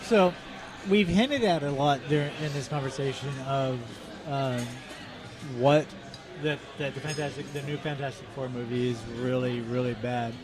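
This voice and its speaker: A man co-hosting a casual podcast, relaxed and asking questions, swearing now and then, recorded in the corner of a bar. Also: medium pitch, moderate pace, music in the background. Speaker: podcast co-host. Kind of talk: casual chat. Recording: busy bar crowd behind. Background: bar crowd chatter.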